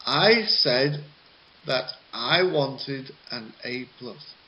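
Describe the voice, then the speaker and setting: A man's voice: mid-range voice, drawn-out words. A man playing a student who keeps insisting on a better grade, repeating himself. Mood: insistent. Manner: insistent, repetitive. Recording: slightly muffled with faint hiss.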